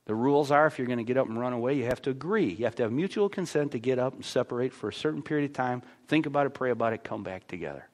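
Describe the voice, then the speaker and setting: A man's voice: mid-range voice, expressive, racing, hardly any pauses. A man pastor with an American accent, preaching a conversational sermon in a church with frequent stammered restarts.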